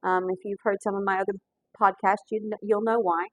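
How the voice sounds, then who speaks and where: A woman's voice: medium pitch, flat delivery, a little fast, dry recording, low-quality recording. A woman, a pastor hosting a cooking show, telling a heartfelt story in an earnest, folksy way while fighting back tears. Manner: earnest, folksy, with frequent restarts and fillers.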